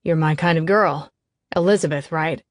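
A woman voicing a menacing male criminal who talks in a gruff, blunt way in an audiobook. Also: low voice, normal speed, no room sound, clean studio sound, natural voice.

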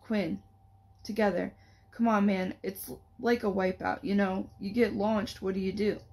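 A woman reading the lines of a young teen boy who tries to keep his friends calm, in an earnest, reassuring manner. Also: mid-range voice, moderate pace, slightly rough. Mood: urging.

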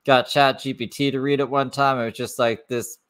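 A man hosting a live stream, talking in a rambling, offhand, low-key way as he comments on clips. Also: flat delivery, brisk, fairly bright tone. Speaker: livestream host.

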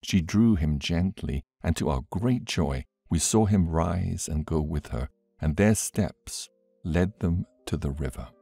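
Deep voiced guy reading an audiobook, lively and mellow, dry sound. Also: unhurried, gravelly, breathy edge, no echo, soft background music. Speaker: audiobook reader. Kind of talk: scripted narration of a book.

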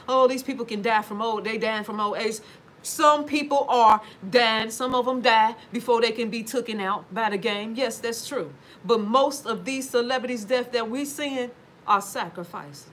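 A woman holds forth from home, speaking straight to her audience in a loose, emphatic monologue. She swears freely and leans hard on her points, her voice sitting a little high for a woman. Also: a bit bright, a little hiss or hum. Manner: emphatic, swears freely, addresses viewers directly. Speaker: livestream talker reading viewer comments. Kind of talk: casual profane livestream monologue.

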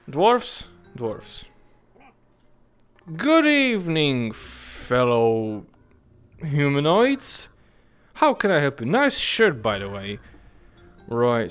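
A man's voice: medium pitch, fairly bright tone. A man playing a bar-serving game and chatting casually, exclaiming, swearing and putting on a mock-polite tone for customers. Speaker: gaming YouTuber. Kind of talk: casual gameplay commentary.

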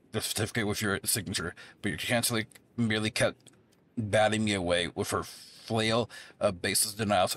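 A man reading the lines of a smooth-talking, scheming woman trader in a wheedling, flowery way. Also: on the low side, bright, forceful tone.

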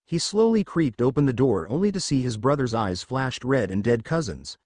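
A man reading fan fiction aloud as narrator, in a steady storytelling manner. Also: medium pitch, moderate pace, no room sound, studio quality.

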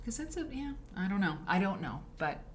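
Very animated and a little fast, a woman with a medium-pitched voice chats on her live stream about the history of quilts, rambling with frequent asides and self-corrections. Slight background noise is audible.

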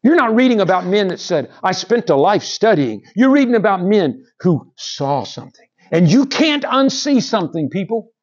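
A man preaching a sermon, swinging between raised, emphatic lines and hushed, drawn-out ones. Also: sits high, sing-song, lo-fi sound. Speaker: pastor.

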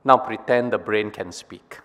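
A male pastor giving a prayer and sermon in a measured, storytelling way. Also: on the low side, fairly bright tone. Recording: long reverb of a worship hall.

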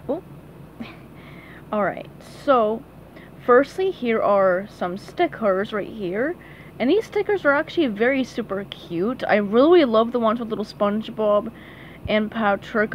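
A chatty woman walks through a kids' picture book page by page, gushing and laughing lightly as she goes. Her voice sits a little high. The audio is dull and lo-fi with a faint hiss behind it. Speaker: book reviewer. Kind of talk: casual book review.

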